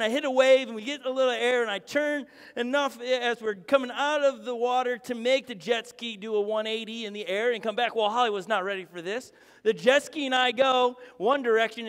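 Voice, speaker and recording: A pastor in his thirties telling a comic story in a sermon, animated and joking. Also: very high voice, fairly quick. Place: church hall. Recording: long hall reverb.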